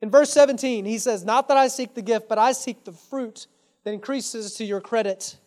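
A man's voice: extremely high pitch, normal speed, a little mellow. Pastor guy preaching, emphatic, talks to the crowd like friends, asks questions and answers them. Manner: addresses the congregation directly and casually. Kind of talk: sermon. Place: church.

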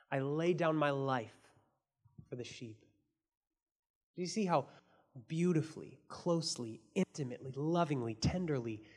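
A man preaching a sermon as pastor, earnest, asking his listeners questions and swinging between soft and emphatic delivery. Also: a little high. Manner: asks the audience many questions.

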